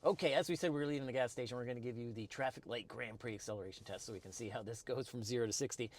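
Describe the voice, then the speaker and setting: Middle-aged male car reviewer, in-car, casual and upbeat with filler, average pitch, faint road noise. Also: rapid-fire. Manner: chatty, upbeat, lots of ums and asides. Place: inside a car, driving.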